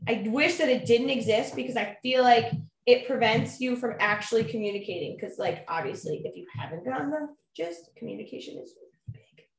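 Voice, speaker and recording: A woman, a teacher and podcast guest, chatting and telling stories in an animated way. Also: fairly high pitch, fairly quick, creaky. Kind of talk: casual podcast chat. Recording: roomy echo.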